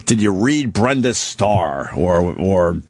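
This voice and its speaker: A man's voice: low-pitched, sing-song, slow, a little mellow, dry recording. A middle-aged man hosting talk radio in a dry, close studio sound. He talks bluntly and exasperatedly, swearing freely in loose banter. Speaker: radio show host.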